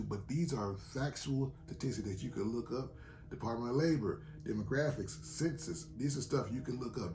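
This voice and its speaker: A man's voice: mid-range voice, reverberant. A man co-hosting a relationship advice show, talking candidly and emphatically, repeating his key points. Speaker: podcast co-host.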